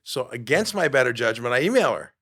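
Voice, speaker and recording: New guy on his podcast, telling a story, acts out what people said, mid-pitched voice. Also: a little fast, husky. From New York. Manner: animated, acts out quoted dialogue. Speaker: podcast host. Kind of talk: storytelling monologue.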